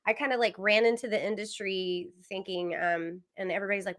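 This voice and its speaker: A woman's voice: medium pitch, fairly bright tone. A woman from Texas with a Texan accent, hosting a live broadcast in an upbeat, enthusiastic way over a video call. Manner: upbeat, enthusiastic, quick introductions. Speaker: host, software company owner.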